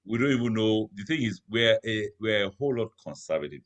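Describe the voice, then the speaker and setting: A man's voice: fairly low pitch, lively intonation, a little fast. A middle-aged married man speaking candidly and emphatically, often checking that the listener understands. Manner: earnest, emphatic, keeps asking "you understand?". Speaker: married guest. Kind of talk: candid conversational chat.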